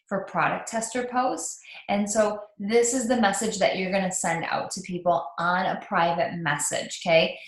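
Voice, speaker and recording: A woman's voice: mid-range voice, echoey room. A woman leading a live online training for new team members, talking in a chatty, upbeat way with lots of ums and restarts.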